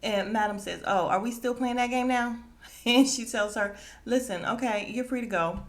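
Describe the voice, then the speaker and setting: Woman podcaster retelling a tv episode, lively, does the characters' lines, keeps laughing. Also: a little high, normal speed. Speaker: podcast host recapping a TV episode. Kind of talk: casual recap chat.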